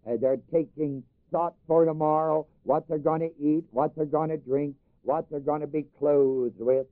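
A man's voice: on the high side, steady tone, normal speed, dry recording. A man preaching a sermon, reading scripture in old-fashioned wording, repeating phrases for emphasis and having the congregation finish his lines. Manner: reads scripture in old King James wording, then explains it to the congregation. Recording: dry, phone-like recording.

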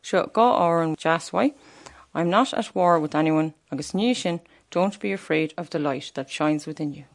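An Irish woman reads a children's story on community radio, slow and measured. Her voice sits low and has a gravelly, creaky grain. The delivery is plain and steady, line by line. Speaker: radio presenter. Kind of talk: bilingual story reading.

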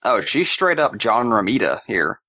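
Sarcastic dude joking about comics, voice bouncing all over. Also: male voice, on the low side, very animated, moderate pace, bright, forceful tone, no room sound, muffled recording. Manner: sarcastic wisecracks, jokey voices. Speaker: podcast co-host. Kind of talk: casual comic book banter.

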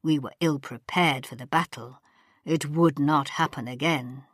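A woman's voice: sits low, husky, no room sound, studio quality. A woman voicing a proud, scheming male warlord conceding grudgingly. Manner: grudging, measured.

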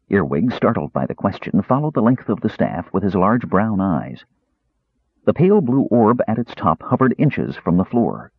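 A man narrating a fantasy novel in an expressive storytelling way. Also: on the low side, moderate pace, slightly rough, dry recording. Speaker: audiobook narrator. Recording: dull lo-fi recording.

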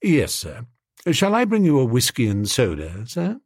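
A man's voice: mid-range voice, huge pitch swings, moderate pace, slightly rough, no echo, studio quality, full character voice. A man voicing a proper male valet who speaks formally and with restraint. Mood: reserved. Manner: formal, restrained, clipped replies.

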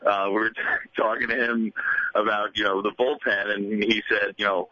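A baseball broadcaster appears as a guest on radio for a casual interview chat, rambling with many restarts and "you know"s. His voice is fairly low with fairly even intonation at normal speed, and the audio sounds dull.

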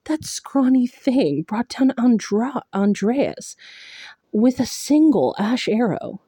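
A woman's voice: fairly high pitch, sing-song, slow, mellow, breathy edge, dry recording, clean studio sound, pitched above the performer's own voice, full character voice. A woman reading aloud voicing a scarred, fox-masked male fae who speaks tersely and in disbelief.

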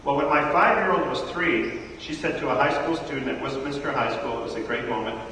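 A man in his thirties teaching a church audience, an animated storyteller who acts out the voices in his stories. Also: mid-range voice, a little fast, a little hiss or hum. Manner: animated storyteller acting out dialogue. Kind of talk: lively talk to a live audience. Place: large hall with audience. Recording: echoey hall from far off.

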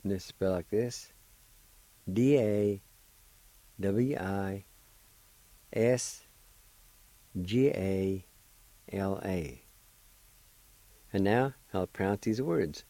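A middle-aged man teaching a language lesson on radio, spelling and pronouncing words slowly and carefully, syllable by syllable. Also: lowish voice, mellow, no echo.

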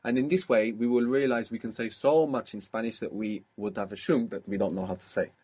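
A man's voice: mid-range voice, brisk, darkish tone, breathy edge. A man teaching a language lesson, patiently prompting and explaining.

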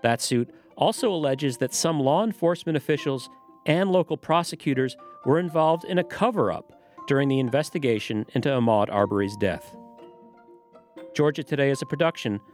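Male news podcast host, mid-pitched voice, measured reading, soft music underneath.

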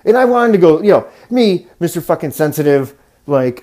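A man's voice: a little high, sing-song, brisk, warm tone. A man hosting a podcast, telling rambling, profane stories in a casual monologue and acting out the voices of people he quotes. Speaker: podcast host.

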